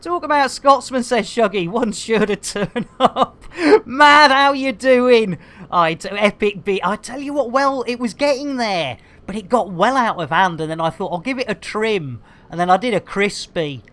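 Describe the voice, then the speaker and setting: A woman's voice: medium pitch, animated, moderate pace, hardly any pauses, fairly bright tone. A woman streaming a game, bantering with her chat in a jokey, bubbly way, full of silly rhyming catchphrases and cheeky innuendo.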